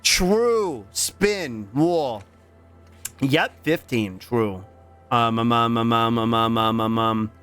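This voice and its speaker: A man's voice: medium pitch, steady tone, slow, a bit bright, smooth, faint music behind. A man streaming a game in casual, playful chat, rambling with lots of repeated fillers. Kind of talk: casual livestream chat while gaming.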